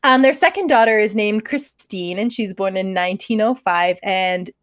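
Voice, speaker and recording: A woman's voice: medium pitch, normal speed, no echo, clean studio sound. A woman co-hosting a podcast, telling a true crime story in casual chat, chatty and often breaking into laughter. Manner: giggly, chatty, trails into laughs. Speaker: podcast co-host.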